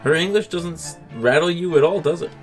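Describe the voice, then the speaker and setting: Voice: mid-range voice, fairly quick, music in the background, natural voice. A player voicing an earnest young male defense lawyer, reading game lines in a slightly unsure way. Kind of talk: reading game dialogue aloud.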